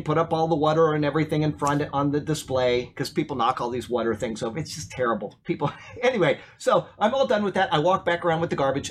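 With a mid-range voice and a little hiss or hum behind him, a pastor delivers an informal sermon built around a story. He asks the congregation questions and repeats words when excited.

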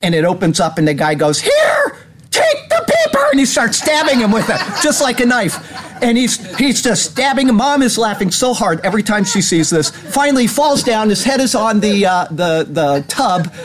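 High-voiced rambling male host. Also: moderate pace, background noise. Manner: rambling, animated storytelling with laughs. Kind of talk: casual news commentary.

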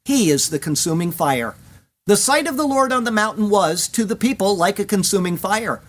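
A man's voice: high-pitched, lively intonation, moderate pace. A man, preaching a verse-by-verse sermon, reading scripture aloud and explaining it with casual asides. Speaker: pastor.

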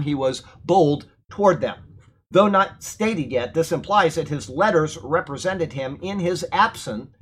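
Male Bible study teacher, husky, slightly high pitch; reads scripture then explains it. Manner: explains verse by verse, reading then commenting.

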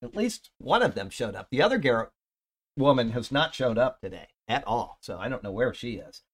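A Bible teacher gives a casual, unscripted talk on a Bible passage in an ordinary mid-pitched, slightly bright voice with big pitch swings. His delivery is rambling and conversational, drifting between points, restarting sentences, and filling pauses with many fillers.

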